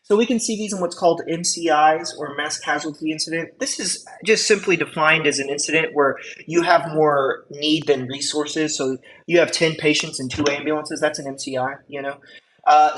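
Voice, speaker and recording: Man, EMT instructor, lecture, conversational, fillers, check-in questions, fairly high voice. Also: steady tone, brisk, poor audio. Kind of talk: classroom lecture.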